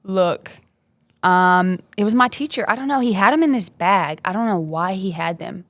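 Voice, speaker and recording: A woman's voice: medium pitch, expressive, moderate pace, fairly bright tone, dry recording. A young woman, chatting casually and upbeat as a guest, laughing easily. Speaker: basketball player, podcast guest. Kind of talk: casual interview chat.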